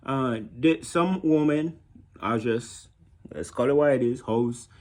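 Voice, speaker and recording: A man's voice: mid-range voice, slow, a little mellow. A man with a Haitian accent giving blunt, mocking dating advice in a casual monologue, often repeating himself.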